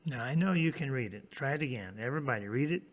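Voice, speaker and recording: A man teaching an English grammar lesson to children, prompting his pupils to repeat lines and pausing for their answers. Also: mid-range voice. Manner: lively, sing-song classroom delivery.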